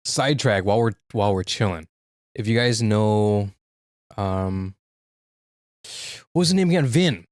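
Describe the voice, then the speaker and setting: A man's voice: on the low side, expressive, measured pace, long pauses, dry recording, studio quality. A young man streaming in casual chat, frank and profane, often restarting his sentences.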